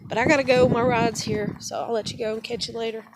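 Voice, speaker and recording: A woman's voice: fairly high pitch, level tone, quick pace, background noise. A woman venting in a heated, profane, rambling monologue. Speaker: vlogger.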